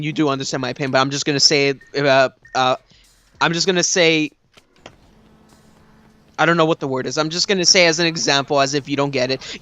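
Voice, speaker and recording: Excitable young man, rambling casual chat. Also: fairly high pitch, muffled recording. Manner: rambling, excitable, many fillers and laughs. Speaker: co-host of a gameplay video. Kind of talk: casual chat during gameplay.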